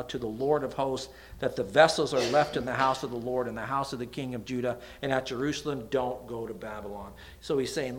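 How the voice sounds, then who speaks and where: A middle-aged man preaching a sermon in an animated, dramatic way, dropping into sudden soft asides. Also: medium pitch.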